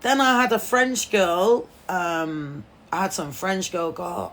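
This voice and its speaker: A woman's voice: lowish voice, slow pace. A woman chatting casually on a phone livestream, swearing freely and calling people darling. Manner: swears a lot, animated, calls people darling.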